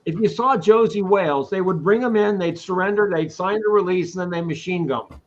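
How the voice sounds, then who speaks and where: A man's voice: high voice, a little fast, dull audio. A man hosting a casual live-stream talk who rambles, repeats himself and speaks his mind, from Boston. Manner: rambling, opinionated, repeats words. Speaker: host.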